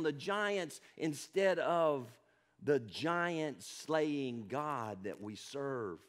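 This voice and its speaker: Guy preaching in church, fairly high voice, goes from hushed to loud, keeps asking the room questions. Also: expressive, extremely slow. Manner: calls questions out to the congregation. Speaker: pastor. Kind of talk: sermon. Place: church sanctuary.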